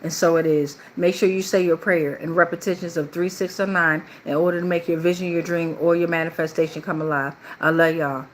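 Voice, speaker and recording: A woman giving a casual, playful tarot reading on a livestream, slangy and loose with cursing, who slips into a low, steady voice for a protective prayer. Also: brisk, hardly any pauses, a little hiss or hum. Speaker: tarot reader.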